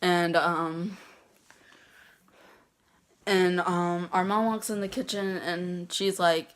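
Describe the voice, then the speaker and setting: A teenage girl telling a prank story in a casual vlog, halting with many pauses and restarts. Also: lowish voice, fairly even intonation, fairly bright tone, clear, resonant tone. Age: teens. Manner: halting, many ums and restarts, laughs at herself. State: getting emotional, near tears. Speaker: vlogger.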